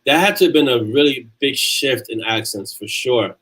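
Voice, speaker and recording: A man's voice: medium pitch, animated, normal speed, pushed and bright, husky, rough recording. A man with a New York accent hosting a casual livestream, reading viewer comments aloud and answering them in a chatty way. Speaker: livestream host answering chat.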